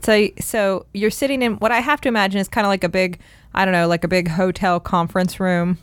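A woman's voice: mid-range voice, fairly even intonation, fairly quick, clean tone, dry recording. A woman doctor co-hosting a podcast, telling history in a chatty, laughing way. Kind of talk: casual storytelling chat.

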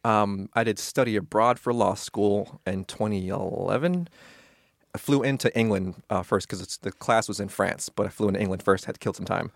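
Man, thirties, gravelly, low voice, podcast guest, rambling, self-correcting. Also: normal speed, no echo, studio quality. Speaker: guest, production attorney. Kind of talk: casual storytelling in conversation.

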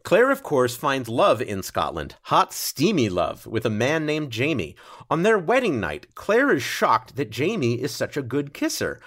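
A man's voice: medium pitch, huge pitch swings, a little slow, a bit bright. A man hosting a comedy trivia podcast, reading questions in a playful way and laughing often. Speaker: quiz show host.

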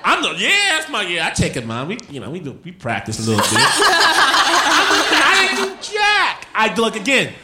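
Animated man telling a laughing story. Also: high-pitched, quick pace, few pauses. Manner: animated, laughing storyteller, shouts quoted lines. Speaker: guest. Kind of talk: live podcast storytelling. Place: live stage before an audience. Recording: live show with audience noise.

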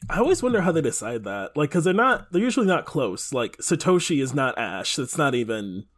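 Woman, podcast co-host, very lively pitch, animated, swears, casual chat. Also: a little fast. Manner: animated, swears, restarts sentences.

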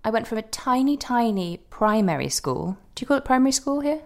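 Woman, quiet posh English accent, podcast guest, casual chat, lots of fillers and restarts. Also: a little high, very animated, brisk. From Britain. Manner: chatty and hesitant, full of fillers and restarts.

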